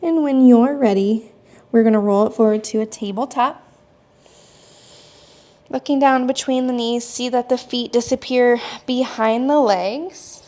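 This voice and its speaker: A young woman teaching a yoga class, giving calm, steady cues as she moves through the poses with her class, a little out of breath. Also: on the high side, measured pace. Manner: calm, steady instructional cueing with brief asides. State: slightly out of breath. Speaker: yoga instructor. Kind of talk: cueing a yoga flow while practicing.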